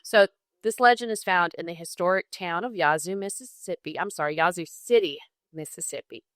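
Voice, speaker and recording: Young southern woman telling a ghost story, kinda low voice, dry close sound, laughs a lot. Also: brisk, a bit bright, dry recording. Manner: chatty, laughs often, enthusiastic about folklore. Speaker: guest co-host. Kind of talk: casual podcast storytelling.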